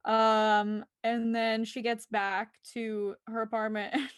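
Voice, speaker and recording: A woman's voice: fairly high pitch, slow, smooth, no room sound. Chatty woman recapping a show, dry close sound. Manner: animated, giggly, acts out characters' lines. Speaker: co-host recapping an episode. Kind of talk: casual chat.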